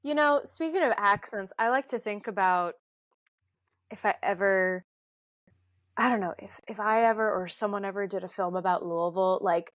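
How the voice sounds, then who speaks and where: A woman's voice: medium pitch, normal speed. Chatty woman co-hosting a podcast. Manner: chatty, self-interrupting. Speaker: podcast co-host. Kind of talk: casual chat.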